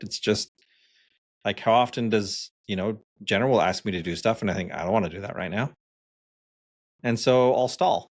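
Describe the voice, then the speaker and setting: Chatty man telling stories, laughing often. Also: lowish voice. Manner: storytelling with frequent laughs and fillers. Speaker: podcast co-host. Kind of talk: casual podcast chat.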